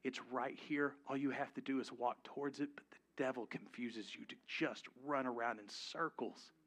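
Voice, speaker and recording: A man's voice: medium pitch, steady tone, moderate pace, a bit bright. A man preaching a sermon to his congregation, conversational and humorous, rising to emphatic peaks. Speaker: pastor. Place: church before a live congregation.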